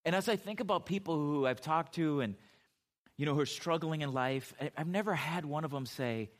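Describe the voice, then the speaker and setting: A man's voice: on the high side, a little fast. A middle-aged man preaching a sermon as a pastor, telling stories in an easy, conversational way, with frequent restarts and asides.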